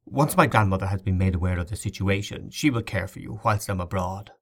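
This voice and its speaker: A man's voice: low voice, fairly quick, a bit bright. A man playing a stern, commanding young nobleman in a storybook reading, speaking curtly. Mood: firm. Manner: curt, commanding.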